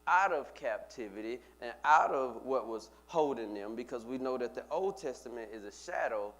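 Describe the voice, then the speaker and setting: A man's voice: mid-range voice, expressive, normal speed, a bit bright. A male pastor preaching a sermon, building with emphatic, repeated phrases. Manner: preaching with rising emphatic repetition.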